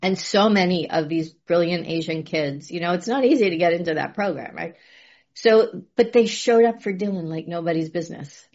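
A woman's voice: fairly low pitch, normal speed, a little mellow. A middle-aged woman in casual conversation, telling a heartfelt, rambling story with emotion. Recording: muffled lo-fi audio.

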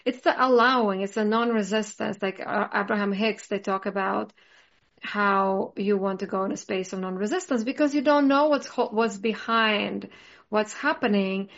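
A woman's voice: mid-range voice, moderate pace. Woman, casual chat, rambling, lots of fillers, slightly dull recording. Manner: rambling, filler-heavy, animated.

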